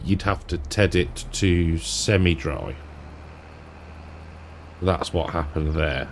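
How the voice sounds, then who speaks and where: A man with a low voice talks in an unhurried way as he plays a farming game. He thinks aloud, rambles and chuckles between remarks. A faint hum sits under the desk microphone. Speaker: gaming YouTuber. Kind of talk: casual gameplay commentary.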